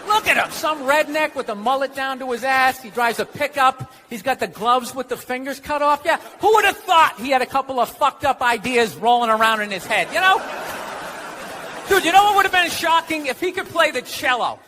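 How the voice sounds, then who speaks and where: A man's voice: very high-pitched, expressive, brisk, bright, forceful tone. A male American stand-up comedian doing a sarcastic, swearing rant in a comedy club, with a handheld stage mic. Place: comedy club stage before a laughing crowd. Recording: live club recording with crowd noise.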